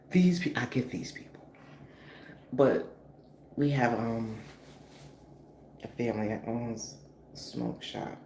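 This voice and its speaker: A woman in her forties from the northeastern US telling a story in a casual, animated, profane vlog style, full of fillers. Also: a bass voice, a little slow. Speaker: vlogger. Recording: echoey room with faint noise.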